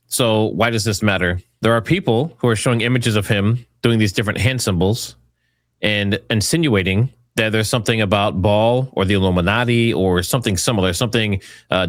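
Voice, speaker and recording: Low-voiced casual male commentator. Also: fairly bright tone, dry recording, clean studio sound. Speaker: commentary host. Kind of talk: online commentary.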